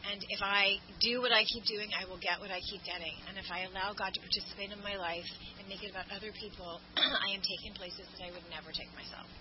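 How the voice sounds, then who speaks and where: A woman talks through her recovery at a twelve-step meeting, candid and self-mocking. She rambles with plenty of fillers and restarts. The recording is dull and lo-fi, with clear noise underneath. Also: medium pitch, fairly even intonation, fast talker, hardly any pauses. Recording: muffled lo-fi recording with background noise.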